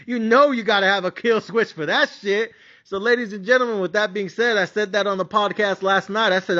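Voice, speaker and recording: A rowdy man rants his way through a betting podcast, cursing freely and hyping himself up. His voice sits high with a sharp, bright edge. The recording sounds dull and lo-fi. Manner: boisterous, swearing, hyped-up. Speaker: sports betting podcast host. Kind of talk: casual profane podcast rant.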